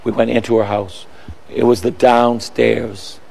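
Gravelly priest telling a story. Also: male voice, mid-range voice, level tone, measured pace, darkish tone, in a large hall. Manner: chatty, rambling, searches for words mid-story. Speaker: Catholic priest, radio preacher. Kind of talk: storytelling testimony on a radio broadcast.

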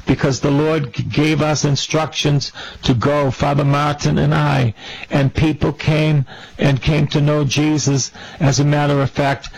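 A man's voice: on the high side, gravelly, breathy edge, poor audio. A man preaching a sermon as a priest, fervent and repeating his phrases for emphasis.

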